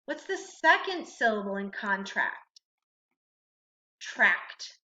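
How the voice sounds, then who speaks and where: A woman's voice: high voice, animated, bright, forceful tone. A woman teacher giving a spelling lesson, dictating words and sounding them out syllable by syllable. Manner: slow, deliberate, sounding out syllables. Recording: echoey room, dull lo-fi sound.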